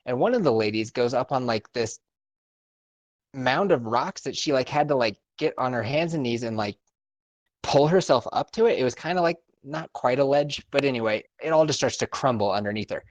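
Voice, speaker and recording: A man's voice: mid-range voice, expressive, moderate pace, no echo, dull audio. Laughing, profane young man telling a story. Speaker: podcast co-host. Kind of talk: casual storytelling chat.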